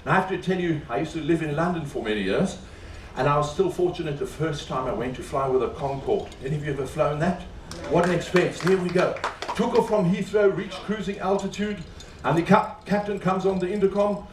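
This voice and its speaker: A man works a cruise-ship audience as a comedy magician, chatty and teasing as he sets up his tricks. His voice sits a little high and comes from some way off the mic. The room is echoey, with a faint murmur of audience ambience behind him. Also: a little fast, slight background noise. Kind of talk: live stage comedy magic show. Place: cruise ship show lounge. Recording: roomy, distant live stage recording with faint audience ambience.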